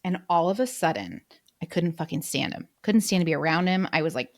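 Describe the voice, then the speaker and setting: A woman's voice: on the low side, lively intonation, fairly quick, a little mellow. A woman in her late thirties co-hosting a podcast, chatting casually and candidly, swearing freely and poking fun at herself. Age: late 30s. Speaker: podcast co-host. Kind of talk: casual chat.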